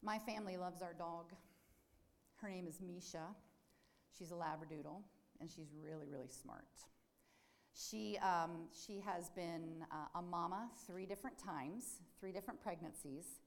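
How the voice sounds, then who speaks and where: A woman's voice: fairly low pitch, a little slow, slight background noise. A woman, a nurse, giving a devotional talk, telling a story and asking her listeners questions. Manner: animated storyteller who asks the audience questions. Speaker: nurse speaking to a group.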